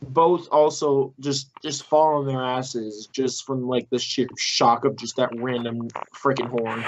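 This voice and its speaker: A man's voice: medium pitch, steady tone, a little slow. A young man narrating as game master in a casual tabletop game, swearing freely as he describes what happens. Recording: dull lo-fi mic with faint hiss.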